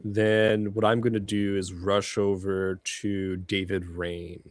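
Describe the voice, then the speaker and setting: Deep-voiced man playing a tabletop game. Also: flat delivery, slow pace, no echo. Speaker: player.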